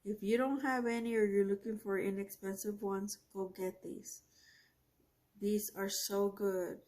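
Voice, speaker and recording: A woman talks slowly and unhurriedly as she swatches paints at her art desk. She gushes over each color and often breaks off mid-sentence. Her tone is casual and chatty, like a host talking straight to her viewers. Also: medium pitch, level tone, a little mellow. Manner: gushing, effusive, often trails off mid-sentence. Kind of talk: casual product review while swatching.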